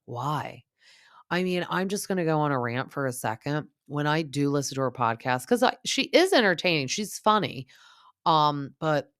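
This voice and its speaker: A woman's voice: very deep voice, no room sound, studio quality. A woman hosting a podcast, giving an opinionated, casual recap of reality TV and acting out what cast members said. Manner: chatty and opinionated, lots of fillers; mimics cast members in quoted asides. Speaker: podcast host.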